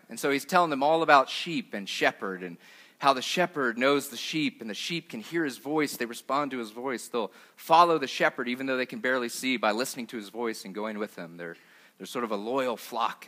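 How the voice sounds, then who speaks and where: A man's voice: medium pitch, pushed and bright. A young man, a pastor, giving a sermon in a conversational way with frequent fillers.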